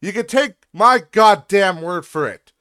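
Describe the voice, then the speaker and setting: A man's voice: high-pitched, lively intonation, a little slow, pushed and bright, clean tone. A young man hosting a podcast, ranting in a frustrated, profane way about a messy workplace. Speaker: podcast host. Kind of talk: casual venting monologue.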